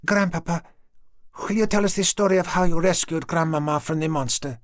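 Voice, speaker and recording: Guy doing a little kid begging for a story, high pleading voice. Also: brisk, no room sound, clean studio sound, close to an everyday voice. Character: eager little girl, pleading. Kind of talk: audiobook character reading.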